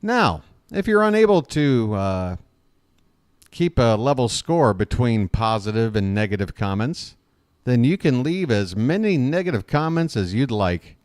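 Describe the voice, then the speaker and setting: A man's voice: medium pitch, sing-song, unhurried, darkish tone, clear, resonant tone, no room sound. Dry-sounding fan play-by-play man. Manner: chatty, addresses listeners as folks, frequent uh fillers. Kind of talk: live fan play-by-play and commentary.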